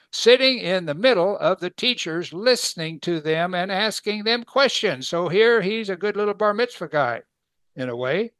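A middle-aged man gives a relaxed Bible teaching with a slightly high voice and a gravelly edge. He speaks in a folksy, conversational way and chuckles as he acts out the people in the story. The sound is dry and close. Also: no room sound.

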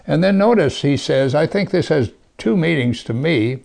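A man preaching a sermon, reading scripture aloud and talking to his congregation with earnest emphasis, sometimes dropping to a hush. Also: fairly high pitch, lively intonation, normal speed, vocal fry, hardly any pauses. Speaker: pastor.

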